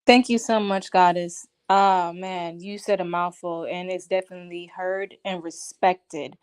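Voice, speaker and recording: A woman hosting a live-stream chat, talking in animated, indignant bursts. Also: on the low side, a little slow, clean tone. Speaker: host.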